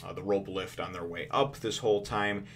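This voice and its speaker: A man's voice: low voice, moderate pace, a little hiss or hum. A man hosting a casual comic review, rambling with lots of fillers and restarts and laughing often. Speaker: host.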